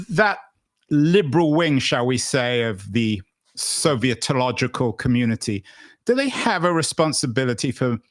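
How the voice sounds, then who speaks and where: A man's voice: mid-range voice, dry recording. Male podcast host, rambling qualified questions, dry recording. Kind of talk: interview questioning.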